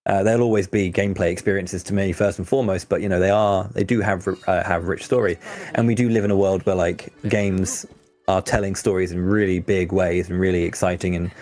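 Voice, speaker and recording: A man's voice: sits low, steady tone, fairly quick, darkish tone. A man hosting a gameplay stream, chatting casually and rambling through thoughts with fillers and restarts. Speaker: host.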